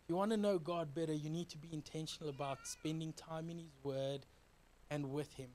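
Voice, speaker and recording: A man's voice: fairly high pitch, fairly quick, a little hiss or hum. A male pastor giving a sermon in a conversational, earnest way, urging the listeners with repeated calls to act. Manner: animated, joking storytelling with sound effects.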